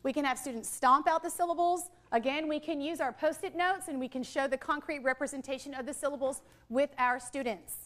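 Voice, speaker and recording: A woman with a very high voice presents a teacher training session. She explains methods and leads the room through quick call-and-response drills. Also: fairly bright tone. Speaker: literacy trainer.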